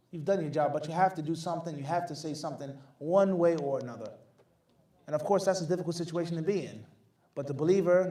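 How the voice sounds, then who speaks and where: A man's voice: fairly high pitch, darkish tone. A man, an Islamic scholar, answering audience questions in a firm, emphatic, explanatory lecture style. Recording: echoey room, mic at a distance.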